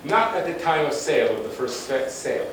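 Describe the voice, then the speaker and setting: A man's voice: on the high side, animated, brisk, a bit bright. Man lecturing in a very echoey hall. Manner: emphatic and conversational, with blunt asides. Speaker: guest lecturer on urban planning. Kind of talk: conference presentation with slides. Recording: very echoey room, distant mic, faint noise.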